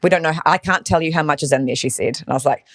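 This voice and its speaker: A woman's voice: sits low, rapid-fire, no echo, clean studio sound. Emotional storytelling woman guest. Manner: animated, emotional retelling. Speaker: podcast guest. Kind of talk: storytelling in interview.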